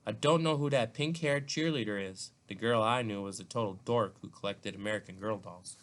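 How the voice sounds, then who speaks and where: A man reading aloud the lines of a defensive, tearful teenage girl from a novel, in nearly his own low voice. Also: brisk, fairly bright tone, close to an everyday voice. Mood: upset.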